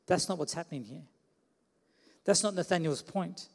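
A man's voice: a little high, normal speed, vocal fry, a little mellow, long reverb tail. A man preaching a sermon in a conversational way, putting questions to the listeners.

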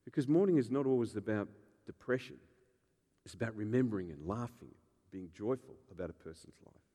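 A man, a pastor preaching a sermon with animated, joking storytelling and acted-out voices. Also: on the low side, fairly quick, big-room sound.

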